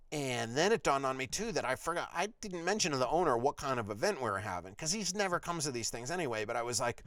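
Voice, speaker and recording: A podcast host spins a long, rambling tale, cursing freely and piling up asides. His voice sits at an ordinary middle pitch, and the recording is dry and close with no room sound. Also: fast talker, creaky, dry recording. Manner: profane, animated, rambling. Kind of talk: rambling personal storytelling.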